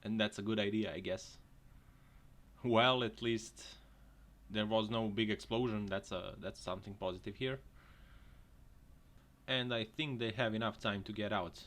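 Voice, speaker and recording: A man hosting a casual video, laughing often and shouting at what he sees on screen, joking as he goes. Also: fairly low pitch, steady tone, a little slow, long pauses. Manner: laughs often, exclaims loudly at crashes; jokey, slips into silly put-on voices. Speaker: host. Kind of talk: casual commentary over clips. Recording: noisy background.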